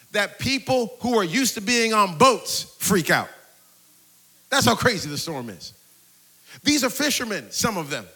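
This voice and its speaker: High-voiced pastor preaching. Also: male voice. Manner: animated, conversational preaching with playful asides. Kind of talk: sermon. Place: church sanctuary before a congregation.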